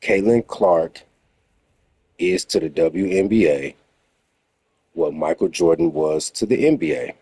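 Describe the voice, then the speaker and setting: A man's voice: low-pitched, a little slow, long pauses, mellow, slightly rough. A man giving blunt, emphatic reaction commentary in a lecturing tone.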